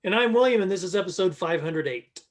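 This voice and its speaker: A man's voice: high voice, expressive, fast talker, recorded from a distance. A man co-hosting a podcast, chiming in briefly in casual chat. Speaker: podcast co-host.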